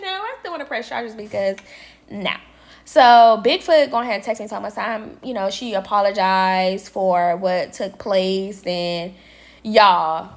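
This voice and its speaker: A young adult woman vlogging a casual storytime, chatty and dramatic, acting out her own exclaimed reactions and talking straight to her viewers. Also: a little high. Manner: animated, dramatic retelling with exclaimed quotes; chatty, addresses viewers as y'all. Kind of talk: casual storytime while working.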